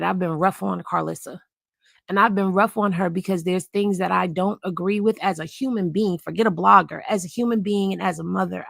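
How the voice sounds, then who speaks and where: A woman's voice: fairly low pitch, gravelly, a bit bright, no room sound. A middle-aged woman blogger giving candid, emotional livestream commentary, earnest and repeating herself for emphasis.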